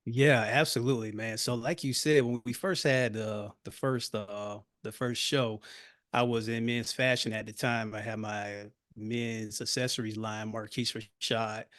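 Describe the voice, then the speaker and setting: A man's voice: mid-range voice, fairly even intonation, measured pace, fairly bright tone, no echo, clean studio sound. Easygoing Southern man with a drawl. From Florida. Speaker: podcast guest, fitness coach. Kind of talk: casual interview chat.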